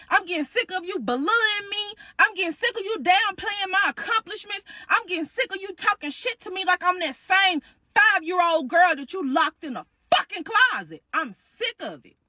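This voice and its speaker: Young woman at her limit, angry and repetitive, high and forceful, voiced by a woman narrator. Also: lively intonation, normal speed, no echo, full character voice. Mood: fed up. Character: fed-up young woman standing her ground.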